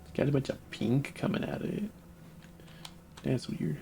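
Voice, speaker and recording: Gravelly, mellow-voiced man streaming a game. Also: mid-range voice, normal speed, faint music behind. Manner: jokey, reads game text aloud, laughs often. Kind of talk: game playthrough reading dialogue aloud.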